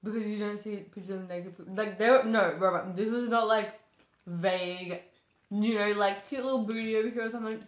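A woman's voice: mid-range voice, brisk. A woman hosting a casual podcast chat, telling stories with lots of swearing and laughter. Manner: animated storyteller, swears freely, laughs often. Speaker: podcast host. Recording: echoey room.

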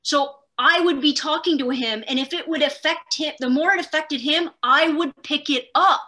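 A middle-aged woman, a podcast guest, telling stories in an animated, self-deprecating way, fast in bursts. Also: sits high. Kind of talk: casual conversation.

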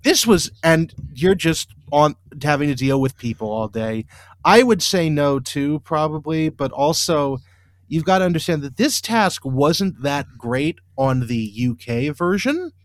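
A man's voice: fairly high pitch, expressive, measured pace, dry recording, clean studio sound. A man hosting a casual podcast, recapping an episode in a rambling, wry way with lots of fillers and restarts. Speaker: podcast host.

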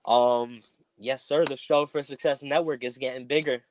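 A man's voice: mid-range voice, steady tone, moderate pace, darkish tone, a little hiss or hum. A man hosting a casual podcast, rambling with lots of ums while making announcements. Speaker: podcast host.

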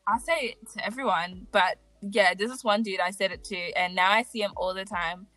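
Young woman, podcast co-host, animated casual chat, mid-pitched voice, dry close sound. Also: fairly quick, no echo, faint music behind. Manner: animated storyteller, laughs often.

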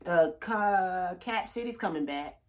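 A man's voice: high voice, expressive, measured pace. Laid-back, laughing man comic. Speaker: stand-up comedian, podcast guest. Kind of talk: casual podcast chat.

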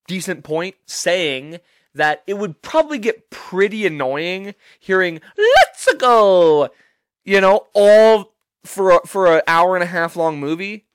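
A man's voice: on the high side, no echo, studio quality. A man hosting a podcast, ranting casually and swearing freely as he works himself up. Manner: animated, swears freely, talks himself into outrage. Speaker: podcast host.

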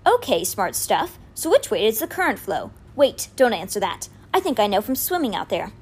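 A woman's voice: medium pitch, huge pitch swings, moderate pace, breathy edge. A woman voicing a joking, confident young boy in a raised, playful voice.

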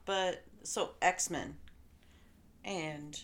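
A woman's voice: sits low, fairly even intonation, extremely slow, a bit bright, slight background noise. A woman co-hosting a podcast, joking around in offhand, slangy casual chat. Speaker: podcast co-host.

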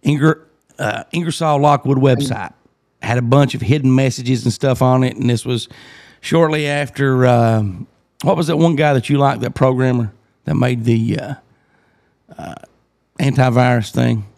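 A man's voice: medium pitch, normal speed, creaky, a little mellow. A man hosting a podcast, talking hesitantly with many fillers and a dry sarcastic streak. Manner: hesitant, lots of uh and you know, sarcastic. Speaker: podcast host. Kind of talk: casual podcast chat.

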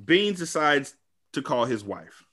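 A man's voice: on the high side, sing-song, unhurried, sharp tone. A man on a podcast casually recapping a bad movie, rambling, cursing and joking. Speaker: podcast host.

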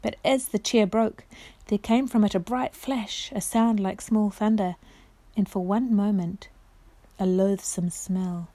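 A woman reads a children's storybook aloud with clear, expressive narration. Her pitch sits in the middle. The recording is dry, with no room echo. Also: measured pace. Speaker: reader.

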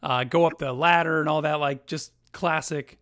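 Animated man with a fairly high voice. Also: normal speed. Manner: animated, acts out quoted lines. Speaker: podcast co-host. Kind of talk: casual chat.

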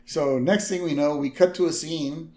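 A man's voice: on the high side, normal speed. A man co-hosting a podcast, recapping a cartoon episode in casual chat and putting on voices for the lines. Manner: animated, puts on voices for the lines. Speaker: podcast co-host.

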